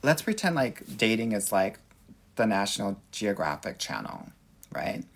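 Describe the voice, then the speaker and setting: Sassy gravelly-voiced man with Valley accent. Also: fairly low pitch, unhurried. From Los Angeles. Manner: sassy, animated, reads viewer comments. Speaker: dating coach. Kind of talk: livestream Q and A.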